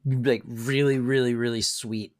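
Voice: mid-range voice, fairly even intonation, a little slow, darkish tone, dry recording. A podcast co-host chatting casually and dropping wry, jokey asides. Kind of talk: casual chat.

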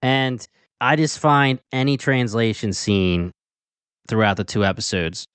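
A man's voice: mid-range voice, unhurried, fairly bright tone, clear, resonant tone, no echo. A man with a Delaware County accent co-hosting a podcast in casual chat, enthusiastic and rambling with restarts. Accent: Delaware County, Philadelphia area. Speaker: podcast co-host.

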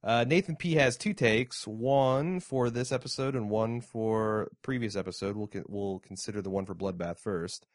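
A man's voice: fairly low pitch, normal speed, few pauses, dry recording, clean studio sound. Man joking through a TV show chat. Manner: jokey, reads listener mail aloud. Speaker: podcast co-host. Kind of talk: casual chat.

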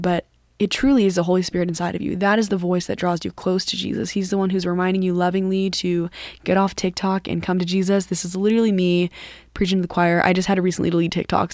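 A woman's voice: on the low side, a little mellow, no room sound. Female host, earnest conversational devotional teaching, dry close-miked read. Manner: earnest and conversational, with frequent "like" and "literally". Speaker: podcast host.

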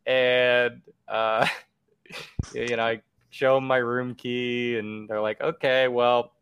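A man's voice: medium pitch, little pitch movement, slow, a bit bright, clear, resonant tone, dull audio. A man in his late thirties, a podcast guest casually telling a story, laughing at himself and acting out the lines he quotes. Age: 30s. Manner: laughing, self-deprecating, acts out quotes.

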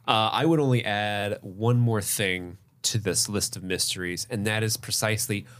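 A man's voice: on the low side, fairly even intonation, moderate pace, a bit bright. A man hosting a casual podcast, chatting about a show and reading out the announcements. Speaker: podcast host.

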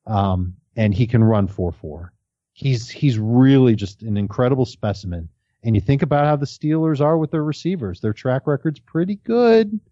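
Mellow-voiced man chatting football on a podcast. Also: mid-range voice, dry recording. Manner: enthusiastic, restarts words often. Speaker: fantasy football podcast co-host. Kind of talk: casual podcast discussion. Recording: dull lo-fi audio.

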